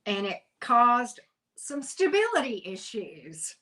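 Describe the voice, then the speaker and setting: A woman's voice: on the high side, very animated, takes it slowly, fairly bright tone, rough recording. A woman hosting a live tarot stream, chatty and teasing, greeting viewers by name as she reads the cards. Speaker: tarot reader hosting a livestream. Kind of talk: casual livestream chat.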